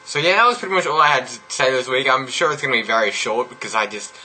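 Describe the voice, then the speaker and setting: A young man in a casual vlog, talking in a low-key, mumbling way with deadpan asides. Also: fast, slightly rough, rough recording. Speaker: vlogger, regular of a group channel.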